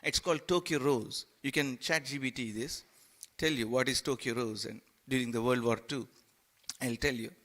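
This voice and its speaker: A man preaching a sermon in a temple hall, halting and repeating words, with playful asides. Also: medium pitch, fairly bright tone.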